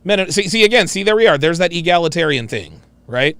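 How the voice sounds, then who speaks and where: A man's voice: on the high side, sing-song, fast talker, bright, forceful tone, smooth, no echo. A man giving mocking, emphatic reaction commentary on a played clip.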